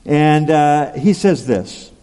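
A man's voice: on the high side, lively intonation, slow pace, warm tone, clean tone. A male pastor preaching a sermon, telling a personal story in a chatty way with asides like "okay?" and "right?". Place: large church hall. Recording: long hall reverb.

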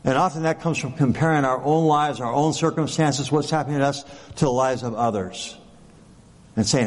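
A man's voice: fairly high pitch, normal speed, pauses often. A man preaching a sermon as pastor, speaking conversationally and often checking in with "right?". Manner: conversational, rhetorical questions, often adds "right?". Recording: long hall reverb.

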